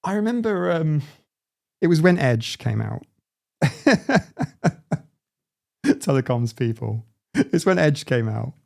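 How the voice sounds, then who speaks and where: A man in his forties hosting a casual live stream, reading out viewer comments and talking in halting bursts full of restarts. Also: a little high, animated, creaky, darkish tone. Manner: halting, frequent restarts and self-interruptions.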